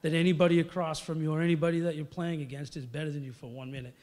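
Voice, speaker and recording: A man's voice: fairly high pitch, little pitch movement, racing, a little mellow, natural voice. A man voicing his father as a firm, plain-spoken middle-aged dad. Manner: firm, matter-of-fact. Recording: long reverb of a large hall.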